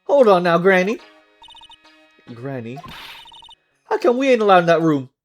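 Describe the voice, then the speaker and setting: Man doing a loud Southern gal shutterbug, high and bouncy. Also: normal speed, faint music behind. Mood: indignant. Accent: Southern US (put on). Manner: loud, folksy drawl, excited. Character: brash loud young countrywoman photographer. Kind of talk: reading game dialogue aloud on stream.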